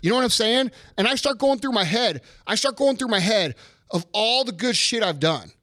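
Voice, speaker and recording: A man's voice: high voice, lively intonation, moderate pace, bright, forceful tone, no room sound, clean studio sound. A man in his thirties ranting in casual chat, swearing heavily and talking with heat. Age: 30s. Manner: profane, heated ranting.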